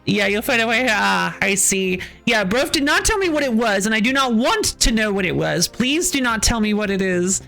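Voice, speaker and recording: A woman's voice: mid-range voice, lively intonation, moderate pace, creaky, few pauses, a bit bright, soft background music. A woman streamer chatting casually while playing, ranting with frequent laughs and sighs. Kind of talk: casual game stream chat.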